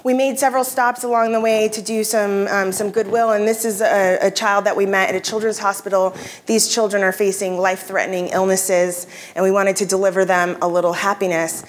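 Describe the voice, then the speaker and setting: A woman's voice: mid-range voice, flat delivery, fairly quick, few pauses. Woman, keynote speaker, conversational, fillers and restarts, faint background noise. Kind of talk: conference keynote presentation. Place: convention hall stage.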